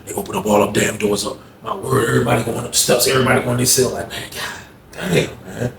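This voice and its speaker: Animated gravelly man telling a story. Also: mid-range voice, very fast, slight background noise. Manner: animated, profane, acts out voices. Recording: echoey room.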